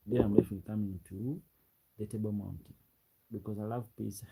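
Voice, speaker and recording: A man's voice: lowish voice, fairly even intonation, a little fast, creaky, long pauses, heavy background noise. A man from Uganda with a Ugandan English accent, chatting casually on a late-night live stream and reading out viewer comments. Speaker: livestreamer. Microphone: ring light setup, webcam.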